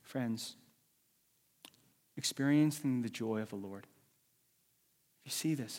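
Husky-voiced man preaching in a hall. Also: mid-range voice, measured pace, long pauses. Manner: dramatic, swings from loud calls to hushed whispers. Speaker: pastor. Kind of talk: sermon. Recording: long reverb of a large hall.

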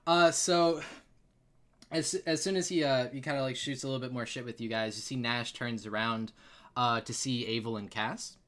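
A man's voice: medium pitch, a bit bright. A young man narrating a tabletop game as game master, casual and full of fillers. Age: young adult. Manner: casual, many fillers and restarts, laughs often.

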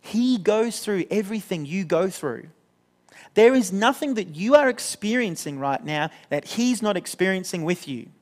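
A man's voice: high voice, animated, moderate pace. A young man giving a sermon in an earnest, conversational way, often restarting his sentences. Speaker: pastor.

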